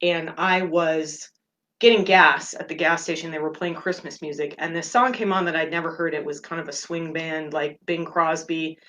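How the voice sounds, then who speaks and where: Woman with a low speaking voice, hosting a meditation show, open and unpolished, pausing often as she shares. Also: steady tone, a bit bright. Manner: earnest and open, speaks in halting phrases with fillers. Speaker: meditation podcast host. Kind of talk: personal reflective talk.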